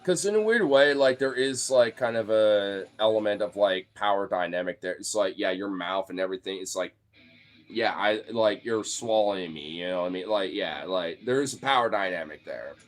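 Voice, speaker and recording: A man's voice: lowish voice, moderate pace, faint music behind. A man streaming to his followers in a casual, rambling rant, swearing freely, leaning on fillers and often laughing. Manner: profane, loose, filler-heavy with frequent laughs.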